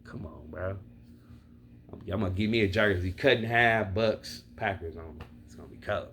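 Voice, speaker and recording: A man's voice: lowish voice, normal speed, fairly bright tone, husky. A man from Milwaukee venting about his football team, blunt and profane, speaking straight to his viewers. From Milwaukee, Wisconsin. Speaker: sports fan vlogger. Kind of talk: casual fan rant to camera.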